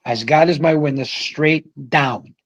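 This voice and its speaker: Older guy, slightly high voice, spinning a wild salty story, very animated. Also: a little slow, dull audio, slight background noise. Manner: animated, profane anecdote-telling. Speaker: guest, former pro bowler. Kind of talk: casual storytelling.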